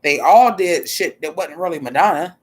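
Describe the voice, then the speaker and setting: A woman's voice: fairly low pitch, expressive, normal speed. A woman giving blunt, casual livestream commentary on a drag show, talking expressively, swearing freely and answering her chat as she goes.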